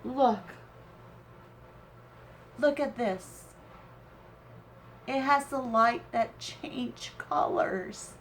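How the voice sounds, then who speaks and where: A woman's voice: on the high side, slight background noise. A woman hosting a crafting channel, opening a swap gift and gushing over it with teary gratitude and awe. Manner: gushing, slow and tearful with awe.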